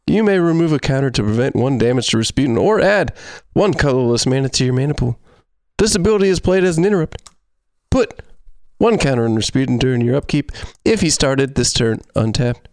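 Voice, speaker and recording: A man's voice: medium pitch, lively intonation, fairly quick, darkish tone, no room sound, studio quality. A man hosting a casual card-game chat, talking in a loose, rambling, joking way. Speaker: podcast host.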